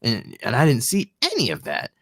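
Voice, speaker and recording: A man's voice: mid-range voice, huge pitch swings, normal speed, a bit bright, dry recording, clean studio sound. A married man co-hosting a casual podcast chat, telling stories animatedly and swearing casually. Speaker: podcast co-host.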